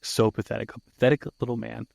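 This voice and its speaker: A man on a podcast loosely retelling a film plot, with swearing and frequent "uh"s and "like"s. His voice is low, and the recording is dry and close with no room sound. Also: little pitch movement, quick pace, vocal fry, darkish tone, no echo. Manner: casual, profane, many fillers. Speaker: podcast host. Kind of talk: casual movie recap.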